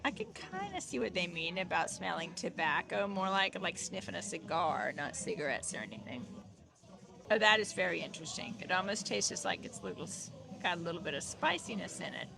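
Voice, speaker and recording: A woman's voice: lowish voice, big pitch swings, a little fast, vocal fry, crowd noise. A woman in her fifties co-hosting a casual beer-tasting vlog, chatting and describing flavors as she tastes. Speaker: vlog co-host.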